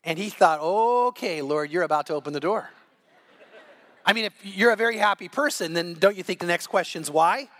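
A man preaching a sermon, retelling a story in a lively way and acting out the people in it with a changing voice. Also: high voice, normal speed. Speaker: pastor.

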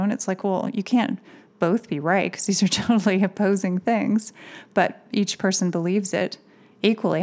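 A woman with a lowish, flat voice co-hosts a faith podcast. She talks candidly and with a wry edge, turning her doubts into open questions. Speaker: podcast co-host.

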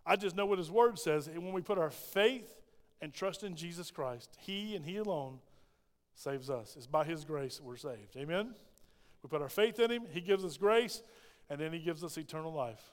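A man's voice: fairly high pitch, animated, moderate pace. A male pastor preaching a sermon, emphatic and full of rhetorical questions to the congregation. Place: church hall. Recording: long reverb of a large hall.

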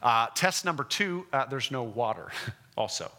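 Man, Bible lecture, animated delivery, bright voice, very expressive pitch. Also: a little slow. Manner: animated, acts out the Israelites' complaints. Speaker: Bible teacher.

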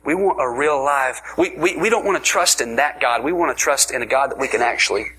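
A man voicing a group of stubborn elders who insist on what they want in a rushed, whiny way. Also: mid-range voice, bright, forceful tone, breathy edge. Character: stubborn, demanding elders of ancient Israel.

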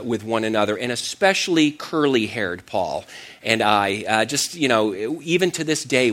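A man's voice: medium pitch, a bit bright. A middle-aged man preaching a sermon, telling a personal story in a self-deprecating way with frequent restarts. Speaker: pastor.

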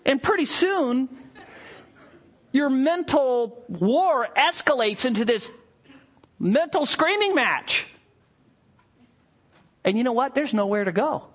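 Very high-pitched and slow, with long pauses, a male pastor delivers his sermon in a lively, sing-song voice that swings up and down widely. He drops to near-hushed asides before bursting out with excitement, acting out little scenes in playful voices.

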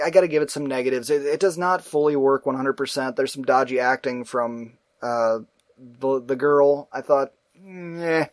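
A man chatting casually about a film he watched, rambling, animated and quick to act out his own confused reactions. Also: mid-range voice, no room sound, clean studio sound. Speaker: movie reviewer. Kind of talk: casual movie review chat.

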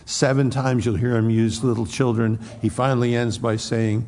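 A man's voice: mid-range voice, little pitch movement, normal speed, hardly any pauses, a little mellow, long reverb tail. A middle-aged man preaching a sermon, reflective, reading scripture aloud in old-style wording. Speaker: pastor. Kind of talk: expository sermon.

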